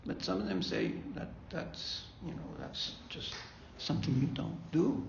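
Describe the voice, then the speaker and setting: A grief ministry leader talks unhurriedly about bereavement from a faith perspective, in a fairly high, creaky voice. His style is conversational and repetitive, punctuated by "okay?" check-ins. A little hiss or hum sits in a dull, lo-fi recording with an echoey room.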